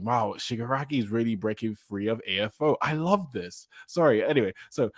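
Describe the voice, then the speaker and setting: An excitable man gushes through a casual manga reaction and often cuts himself off mid-sentence. His voice sits at a middling pitch. The sound is dry and close, with no room echo. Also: fairly quick, few pauses.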